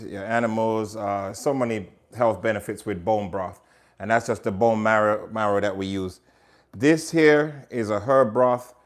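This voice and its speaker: A man with a Jamaican accent hosts a relaxed cooking demo from his home kitchen. He chats directly to his viewers as he works, in an easygoing, talkative manner. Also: fairly low pitch. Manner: chatty, talks straight to viewers. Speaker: cooking show host. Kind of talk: casual cooking demonstration.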